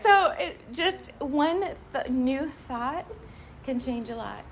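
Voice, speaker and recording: A woman with a somewhat high voice gives a live motivational talk, chatty and animated. She laughs easily and keeps asking her audience questions. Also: measured pace, a little hiss or hum. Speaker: motivational speaker addressing a group.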